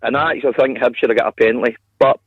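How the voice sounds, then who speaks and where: A man's voice: medium pitch, steady tone, racing, breathy edge, dry recording, dull audio. A man calling a radio phone-in, a confident and defensive football fan. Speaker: radio caller. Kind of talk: phone-in call.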